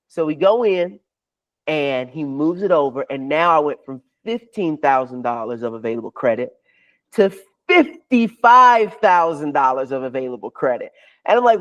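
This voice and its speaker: Man, podcast guest, fairly high voice, excited storyteller, quotes people in voices, swears. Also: moderate pace. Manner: excited, acts out other people's lines in quotes; swears freely. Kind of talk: animated storytelling.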